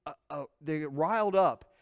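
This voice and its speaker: A man preaching in a church, his voice high and smooth. He tells the story with animated energy and slips into the panicked voices of the crowds. The sanctuary carries a long reverb behind every word. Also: normal speed. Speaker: pastor. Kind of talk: sermon.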